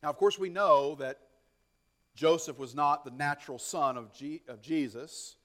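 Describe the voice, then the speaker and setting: A man preaching a sermon in a conversational teaching style, often checking in with "okay?" and acting out quotes with lively excitement. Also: a little slow. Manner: animated, acts out quotes with rising pitch. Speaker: pastor.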